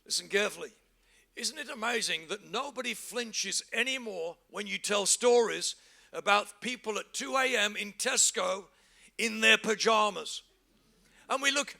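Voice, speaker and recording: A middle-aged man, preaching a humorous sermon that acts out everyday scenes and bursts into shouts for emphasis. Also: high-pitched, normal speed, gravelly. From England. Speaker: pastor.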